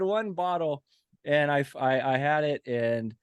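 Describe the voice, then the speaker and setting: A man's voice: on the high side, expressive, a little slow, smooth, no room sound. A man in his forties hosting a podcast, telling stories in a rambling, self-mocking way. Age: 40s. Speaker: podcast host. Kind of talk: casual podcast chat.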